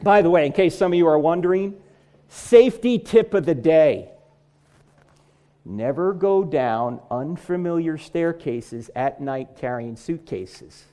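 A middle-aged man speaks to a live crowd in a comic lecture on apologetics, landing one punchline after another. His voice sits high for a man. It leaps up and down with lively, animated swings. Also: unhurried. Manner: joking, punchline-driven delivery. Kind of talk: humorous lecture to a live audience.

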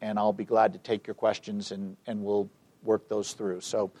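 A man's voice: on the low side, level tone, moderate pace, warm tone, breathy edge. Emphatic man telling a story in a talk. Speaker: seminar speaker. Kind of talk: live training talk with storytelling.

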